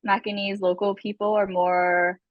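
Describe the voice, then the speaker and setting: A woman co-hosting a casual podcast chat, candid and animated, often acting out quotes. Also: mid-range voice, normal speed, no echo, highs cut off. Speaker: podcast co-host. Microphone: close studio podcast mic.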